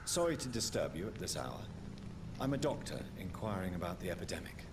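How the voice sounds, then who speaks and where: An actor playing a polite, composed male doctor in a video game, speaking in a measured, formal manner. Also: low-pitched, sing-song, a little hiss or hum. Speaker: player character. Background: game music.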